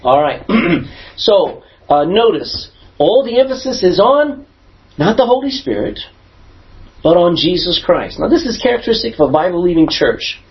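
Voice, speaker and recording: A man leading a Bible class, his voice swinging up and down with lively emphasis as he quizzes the room. Slightly high for a man. The recording is dull and lo-fi. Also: normal speed. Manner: asks the class questions, lively emphatic delivery. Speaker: pastor teaching a Bible class. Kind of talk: conversational Bible teaching.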